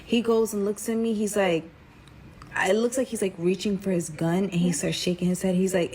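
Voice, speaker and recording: A woman's voice: mid-range voice, moderate pace, slight background noise. Woman telling a story animatedly. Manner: animated, acts out quotes, frequent "like". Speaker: storyteller guest. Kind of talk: casual personal storytelling.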